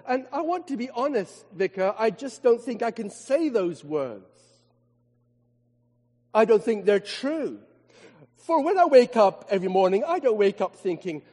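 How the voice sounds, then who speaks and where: A man, a vicar preaching a sermon with emphatic rhetorical questions and slowed words for stress. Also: sits high, sing-song, warm tone. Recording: long hall reverb.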